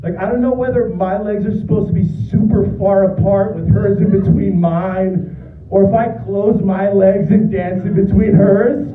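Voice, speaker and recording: A young man doing a stand-up comedy set, animated, crude and laughing at his own jokes. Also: sits high, normal speed, distant mic, a little hiss or hum. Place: bar or small club. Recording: tinny, roomy club recording from afar.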